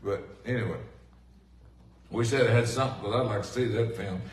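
A middle-aged man preaching a sermon in a folksy, animated way, swinging from loud bursts to hushed asides. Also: on the low side, moderate pace. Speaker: pastor. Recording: echoey room from a distant mic.

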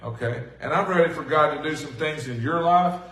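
A middle-aged man preaching a sermon in a folksy, animated way, swinging from loud bursts to hushed asides. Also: on the high side, fairly quick. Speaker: pastor. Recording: echoey room from a distant mic.

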